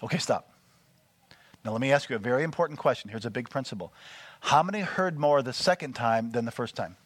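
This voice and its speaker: Coaching preacher, dry close sound. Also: male voice, medium pitch, brisk, breathy edge, dry recording. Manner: coaching, with frequent check-ins. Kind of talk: teaching sermon with group exercises. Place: small church gathering.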